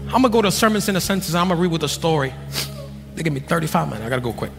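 A man in his thirties preaches with a high, bright voice. He jokes, drops into quiet asides, then climbs to shouted, rousing peaks. His voice rings with the long reverb of a church hall, and soft music plays underneath. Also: very fast, creaky. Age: 30s. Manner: animated, joking, swings from low asides to shouted peaks. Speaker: pastor. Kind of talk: sermon.

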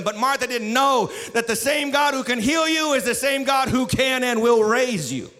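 A man preaching a sermon as lead pastor, telling the story with jokes and sudden shouts. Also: very high-pitched, expressive, normal speed, few pauses. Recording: long hall reverb.

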